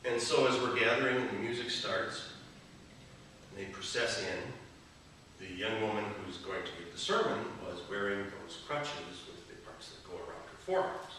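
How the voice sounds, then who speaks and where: A man's voice: lowish voice, normal speed, bright, forceful tone, slight background noise. A man giving a sermon as a bishop, telling stories and jokes to a gathering. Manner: storytelling, joking. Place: gathering hall. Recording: echoey hall, mic from far off.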